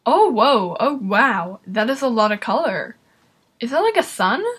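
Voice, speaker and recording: Excitable higher-voiced woman reacting aloud. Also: a little slow, husky. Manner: excitable, exclaims and talks to viewers. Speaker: YouTuber reacting to a video. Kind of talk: casual reaction commentary.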